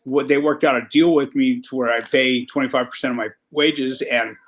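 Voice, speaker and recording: A man's voice: medium pitch, steady tone, normal speed, a bit bright. A man hosting a live stream, telling rambling prison stories with profanity, street slang and lots of fillers.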